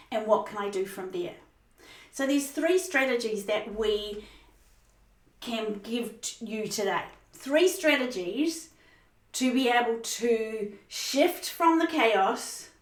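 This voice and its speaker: Woman, leadership coach, motivational teaching talk, emphatic, expressive, roomy echo, distant mic. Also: fairly high pitch. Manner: emphatic, expressive, speeds up and slows down for effect.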